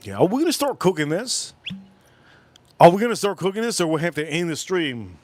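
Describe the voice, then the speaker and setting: A man's voice: sits high, big pitch swings, brisk. A man hosting a live stream, chatting loosely to his viewers and repeating phrases as he talks. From South Florida. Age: adult, older than in his youth. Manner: rambling, talks straight to chat, repeats himself. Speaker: livestream host. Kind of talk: casual live-stream chat.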